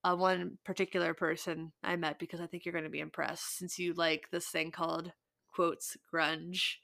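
A woman's voice: fairly low pitch, flat delivery, normal speed, gravelly, fairly bright tone, dry recording, studio quality. A woman co-hosting a podcast, chatting casually in a rambling way with many fillers. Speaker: podcast co-host. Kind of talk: casual chat.

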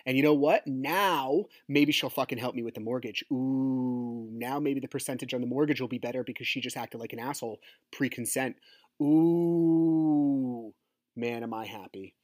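A divorced father hosting his own podcast rants about a custody fight, agitated, swearing, rambling, and talking over himself in a casual monologue. His voice is medium-pitched and quick with few pauses. The studio-quality recording has no echo.

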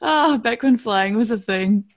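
A woman's voice: a little high, lively intonation, a little slow. Young New Zealand woman, podcast guest; chatty, laughs easily, gropes for names mid-sentence. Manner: laughs often, trails off searching for words. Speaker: podcast guest, long-distance hiker. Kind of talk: casual interview chat.

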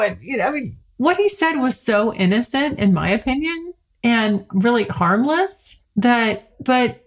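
A woman's voice: a little high, sing-song, unhurried. Middle-aged woman, solo podcast host; frank, chatty, loose delivery with restarts. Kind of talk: casual solo podcast talk.

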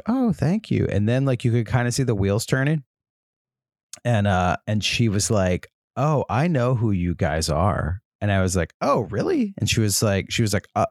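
A man in a relaxed podcast chat, speaking in a low voice. He tells his story in a winding, rambling way with lots of ums. The sound is dry and close. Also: no room sound. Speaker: podcast co-host. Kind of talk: casual chat.

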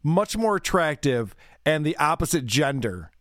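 Wry podcast host, lively voice. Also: male voice, on the high side, unhurried, no echo, studio quality. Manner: laughs easily, reads listener messages with wry asides. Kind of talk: casual podcast banter.

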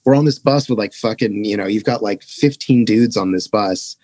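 A man's voice: lowish voice, moderate pace, darkish tone, dry recording. A young man casually telling a rambling, profane touring story as a podcast guest.

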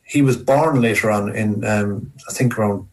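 A man's voice: lowish voice, moderate pace, low-quality recording. A man from Ireland with a Cork accent, a guest on a podcast, talking thoughtfully and explaining at length with frequent ums. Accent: Cork Irish. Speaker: guest horror film correspondent. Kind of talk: podcast conversation.

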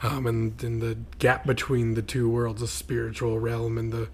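A man's voice: mid-range voice, monotone, moderate pace, a little mellow, a little hiss or hum. A married man co-hosting a podcast in casual chat, rambling with fillers and restarts. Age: adult, married. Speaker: podcast co-host.

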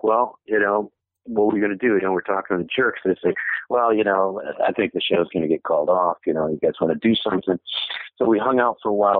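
A low-voiced man from Michigan tells stories as an interview guest, rambling with restarts and fillers. His voice comes through a narrow, tinny phone line. The sound is dry, with no room around it. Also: no echo. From Michigan, USA. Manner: rambling, many restarts and fillers, laughs while telling stories. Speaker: interview guest, former punk band member. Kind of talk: casual storytelling in an interview.

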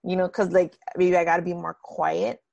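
A woman's voice: fairly low pitch, little pitch movement, moderate pace, vocal fry, a little mellow, no room sound, muffled recording. A woman host reflecting thoughtfully and hesitantly in an interview conversation. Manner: thoughtful, hesitant, many restarts.

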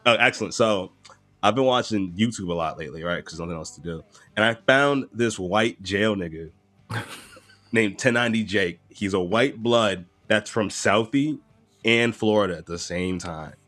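A man's voice: fairly low pitch, moderate pace, fairly bright tone. A man co-hosting a casual chat, telling rambling stories with frequent laughs and restarts.

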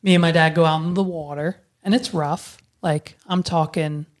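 A young adult woman hosting a casual podcast, chatty and quick to tell stories, swearing freely. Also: sits low, steady tone, darkish tone. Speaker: podcast host.

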